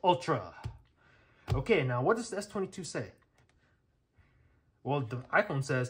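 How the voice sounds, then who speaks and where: A man's voice: fairly high pitch, lively intonation, measured pace, pauses often, fairly bright tone. A man running a casual hands-on tech test on camera, talking the viewer through each step with plenty of fillers. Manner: chatty, thinks aloud, lots of fillers and checks. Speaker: tech reviewer. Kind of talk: casual hands-on demo commentary.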